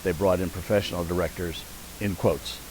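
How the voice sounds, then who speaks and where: Older guy spinning old theater stories, lowish voice, faint hiss behind. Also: normal speed. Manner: anecdotal, animated when quoting people. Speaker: interview guest, veteran community theater actor. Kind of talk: reminiscing conversation.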